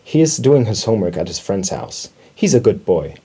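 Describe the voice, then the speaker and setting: Man voicing a calm reassuring father mouse. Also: on the low side, normal speed, breathy edge, heavily acted.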